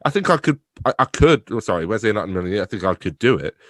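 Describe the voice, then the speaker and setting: Very fast and very animated, a young Englishman who runs a theatre company talks casually as a guest in a fairly low, slightly bright voice. He jokes self-deprecatingly, laughs often and swears loosely, recorded at studio quality with no room sound.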